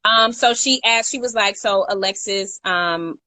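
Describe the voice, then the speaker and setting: A chatty woman co-host tells a story at an easy, casual pace. She stops now and then to correct herself, laughing at her own mix-ups. Her voice sits at a middle pitch. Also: unhurried, pushed and bright.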